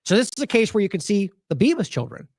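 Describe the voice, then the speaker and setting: A man's voice: sits high, sing-song, quick pace, darkish tone, no room sound, clean studio sound. A man hosting an independent news show, giving sarcastic, rambling commentary over video clips with frequent restarts.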